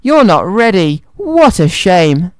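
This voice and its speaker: A man's voice: on the high side, lively intonation, fairly quick, darkish tone, clean tone, no room sound, lightly acted. A man voicing a haughty, cruel middle-aged stepmother in a storybook reading, bossy and sneering.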